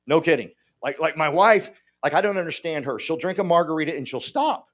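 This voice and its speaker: A man gives a motivational talk at a conference. His voice sits a little high, and he speaks in a folksy, joking way, talking straight to the audience. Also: lively intonation, fairly quick. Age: 50s. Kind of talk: motivational speech. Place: conference hall.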